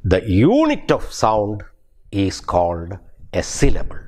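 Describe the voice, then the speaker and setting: Slow, lively-voiced lecturing older man. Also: fairly low pitch. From India. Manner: slow, deliberate, spells words out letter by letter. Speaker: English professor. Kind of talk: recorded university lecture.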